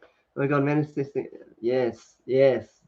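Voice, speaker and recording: A man hosting a relaxed livestream at home, laughing often and chatting loosely with plenty of fillers. His voice sits at an ordinary mid pitch. The sound is dull and lo-fi, like a home stream mic. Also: slow. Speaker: livestream host. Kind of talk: casual livestream chat reading comments. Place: indoors at home, sunny.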